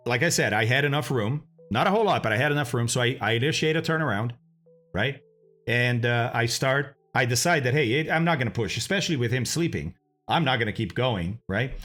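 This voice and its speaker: A man's voice: medium pitch, a bit bright. A man, a streamer animatedly commenting on his own talk and laughing often. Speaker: streamer and flight sim host.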